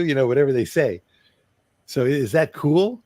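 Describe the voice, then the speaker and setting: A middle-aged man coaching on communication, acting out an apology in an earnest way and slowing down for emphasis. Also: medium pitch, expressive, a little mellow, no room sound. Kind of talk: role-played apology demonstration.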